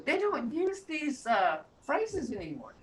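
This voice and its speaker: An older woman leads a beginner language class over a video call. She speaks slowly and with a lively, rising and falling pitch, repeating each word patiently so the tones come through. Her voice sits a little high. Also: noisy background. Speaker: language teacher.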